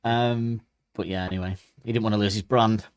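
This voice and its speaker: Low-voiced man rambling in casual chat. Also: fairly even intonation, a little fast, clear, resonant tone, no echo. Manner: rambling, hesitant, many ums and restarts. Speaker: podcast co-host.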